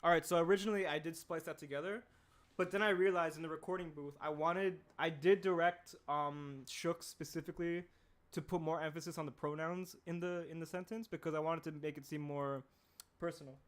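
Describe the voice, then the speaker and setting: On his livestream, a young man animates and chats casually, rambling and reading the chat aloud while clearing his throat over a persistent tickle. His voice is on the high side, with fairly even intonation, and he talks a little fast.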